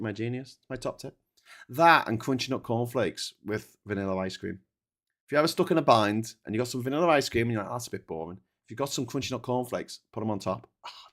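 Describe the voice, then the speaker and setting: Male host, casual chat, rambling and sweary, mid-pitched. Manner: rambling and sweary, frequent "right?".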